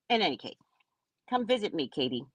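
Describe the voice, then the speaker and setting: A woman hosting a casual live stream, chatting with viewers by name in a lively, talkative way. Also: fairly low pitch, a little fast, breathy edge, no room sound. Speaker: psychic live-stream host.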